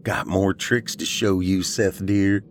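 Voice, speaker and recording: A man voicing a vengeful young witch who coos softly, then barks commands in a growl. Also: sits low, steady tone, slow pace, a little hiss or hum. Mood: commanding.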